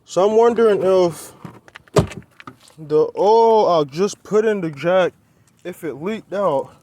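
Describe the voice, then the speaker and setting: Slow and unhurried, the young man speaks in a high but dark-toned voice, slightly out of breath as he works on his car outside on a quiet roadside. It's a loose, rambling vlog chat aimed at viewers he calls y'all, with a little background noise.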